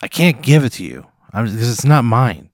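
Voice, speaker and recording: A man's voice: mid-range voice, big pitch swings, moderate pace, no room sound, studio quality. A man in a casual comedy chat, answering in short, exasperated replies. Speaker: podcast co-host answering a hypothetical.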